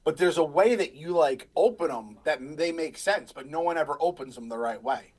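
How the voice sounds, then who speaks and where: Man, thirties, podcast co-host, casual chat, rambling storyteller, fairly high voice. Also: expressive, brisk, a little mellow, breathy edge. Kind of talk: casual live stream chat.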